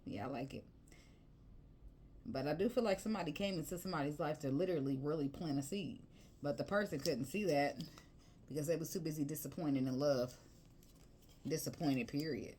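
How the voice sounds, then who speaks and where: A woman's voice: deep voice, fairly quick, pauses often, darkish tone, slight background noise. A woman giving a casual tarot reading, chatty and slangy, breaking into bits of song and laughter. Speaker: tarot reader.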